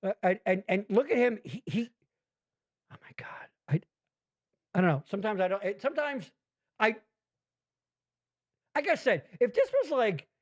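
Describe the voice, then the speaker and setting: A male podcast host with a very high speaking voice reacts to clips in casual chat. He curses freely and sounds incredulous as he retells what he saw. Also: moderate pace, long pauses. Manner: profane, incredulous, animated retelling.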